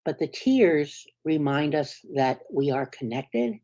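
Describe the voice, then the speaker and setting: A woman minister preaching in a slightly low voice, talking with the congregation more than at them. She drops into soft, hushed asides, then rises to bright, emphatic peaks, and keeps asking "right?". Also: expressive, takes it slowly. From United States. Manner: conversational, earnest, asks the congregation "right?". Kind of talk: sermon.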